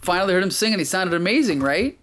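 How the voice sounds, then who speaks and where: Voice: mid-range voice, animated, fast talker, a bit bright, a little hiss or hum. A podcast host talking casually and with enthusiasm about a TV episode, often laughing.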